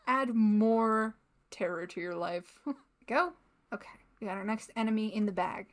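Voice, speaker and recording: A woman's voice: medium pitch, unhurried. A young adult woman hosting a gaming channel, giving casual, rambling let's-play commentary and laughing often.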